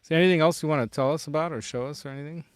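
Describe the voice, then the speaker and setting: A man's voice: fairly high pitch, rapid-fire, smooth, no echo. A middle-aged man hosting a casual livestream from his home studio, rambling with a lot of fillers and chuckles. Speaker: show host.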